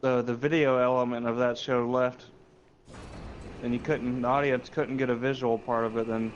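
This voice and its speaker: A man with an ordinary mid-pitched voice chats casually on a gaming stream, often restarting his phrases and cursing in passing. A faint hiss sits behind his voice. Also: flat delivery, moderate pace, highs cut off. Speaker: livestream guest. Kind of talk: casual chat while gaming.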